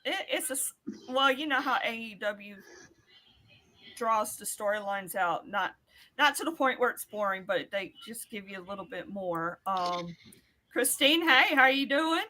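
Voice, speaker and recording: A woman's voice: medium pitch, expressive, unhurried, sharp tone. A woman co-hosting a wrestling podcast in casual chat, reading out viewer comments. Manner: chatty, reads out viewer comments. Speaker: podcast co-host.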